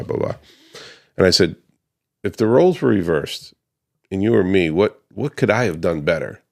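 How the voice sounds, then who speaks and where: A man who runs a paver restoration business, casually recounting a client dispute, slipping into the voices of the people he quotes, with plenty of ums and restarts. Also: low voice. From United States. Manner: conversational, acts out quoted customers, frequent ums and restarts. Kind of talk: casual storytelling to camera.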